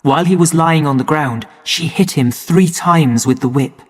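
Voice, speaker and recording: Male storyteller, measured and clear, slightly high pitch, recorded with long reverb. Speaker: narrator. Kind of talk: story reading for English learners.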